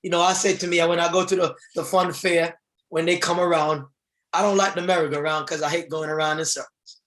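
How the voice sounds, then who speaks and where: A man giving a fervent, preacher-style motivational speech. He often rises to shouts and leads the audience in call-and-response. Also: high voice. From England. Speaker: motivational speaker.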